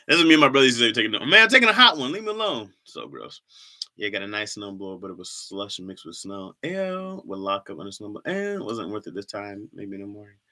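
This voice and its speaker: A man's voice: sits low, creaky, bright, forceful tone. A young man from Michigan hosting a casual livestream, reading viewer comments in loose slang and laughing often. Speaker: livestream host.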